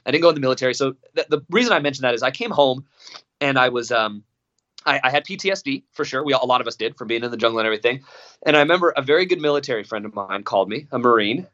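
A man's voice: medium pitch, sharp tone. A young man telling a personal story in casual podcast talk, swearing often and restarting sentences, with a slightly dull sound. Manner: profane, emphatic, many restarts and repetitions.

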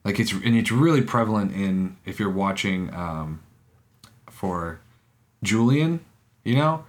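A man co-hosting a podcast in casual chat, rambling and halting, often breaking into laughs. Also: fairly low pitch, expressive. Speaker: podcast co-host.

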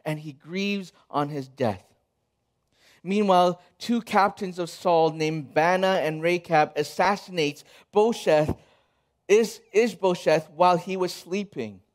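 High-voiced man retelling a Bible story. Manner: animated storytelling, quoting figures in casual speech.

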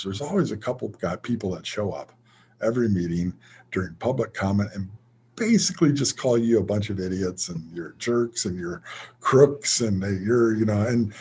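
A man's voice: fairly low pitch, warm tone, slight background noise. A middle-aged man, a college president, speaking candidly in an interview and telling stories with a self-deprecating humor. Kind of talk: interview conversation.

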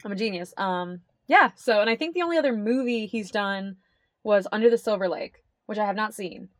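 A young adult woman co-hosts a casual podcast, chatting in a loose, rambling way and swearing freely. Her voice sits at a medium pitch. The recording is very dry, with no room sound. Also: fairly quick, no room sound. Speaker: podcast co-host. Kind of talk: casual chat.

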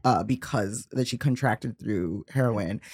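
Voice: mid-range voice, unhurried, slightly rough, no echo, studio quality. A guest on a casual podcast, rambling with many fillers and frequent laughter.

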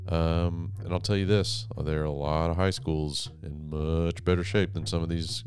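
A man hosting a podcast, rambling and self-deprecating, talking quietly in a home office. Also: low-pitched, fairly even intonation, moderate pace. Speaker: podcast host. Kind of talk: casual monologue. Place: wife's office, speaking quietly.

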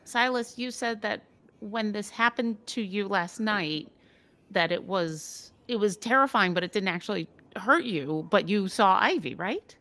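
A woman's voice: medium pitch, expressive, a little slow, pushed and bright. A woman playing in a tabletop game, talking in a rambling, hesitant way with lots of fillers. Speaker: player. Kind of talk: casual tabletop play.

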